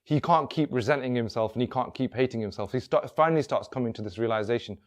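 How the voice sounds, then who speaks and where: A man's voice: mid-range voice, fast talker. A man telling a story in a loose, conversational way, with many restarts and "he's like" asides. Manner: rambling, full of "he's like" and restarts. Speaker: workshop speaker. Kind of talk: casual spoken storytelling.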